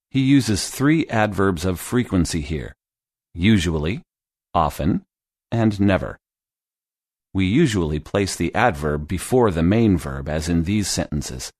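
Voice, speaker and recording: Deep male English teacher, clear and deliberate, dry close recording. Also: lively intonation, darkish tone, no echo. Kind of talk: scripted lesson narration.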